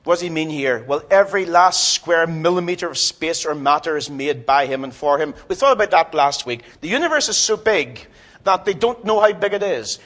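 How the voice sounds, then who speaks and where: Man, church sermon, loud and emphatic then soft and low, animated pitch. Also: a little fast. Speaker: preacher.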